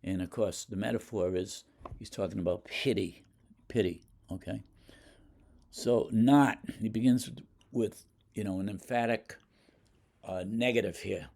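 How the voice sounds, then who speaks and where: Slow, mellow-voiced male lecturer. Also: lowish voice, vocal fry. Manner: deliberate, with fillers and restarts. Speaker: literature lecturer. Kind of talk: explaining poetry.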